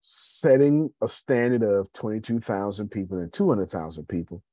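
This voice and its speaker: A man's voice: on the low side, lively intonation, moderate pace, dark tone, dry recording. A man, talking casually to his listeners about his business, calling them y'all. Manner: conversational, addresses listeners as y'all. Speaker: host. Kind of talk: motivational business talk.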